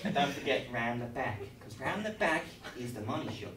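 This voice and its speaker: An English improv performer on a small comedy venue stage plays a bumbling children's craft show host, rambling in a chirpy, mock-instructive, falsely reassuring way. His very animated, fairly bright, medium-pitched voice moves fairly quickly and is pitched below his own natural voice. A roomy distant mic catches slight background noise and live audience laughter.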